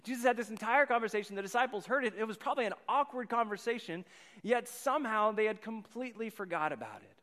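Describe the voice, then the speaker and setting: A man's voice: sits high, fast talker, fairly bright tone. A man in his thirties, a pastor giving a sermon with a rambling personal story, often repeating his words. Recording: long hall reverb.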